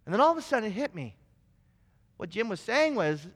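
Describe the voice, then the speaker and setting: A man preaching a sermon, telling stories in an animated way with frequent restarts. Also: high voice, a little fast, long pauses. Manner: storytelling, animated, many restarts. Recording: long hall reverb.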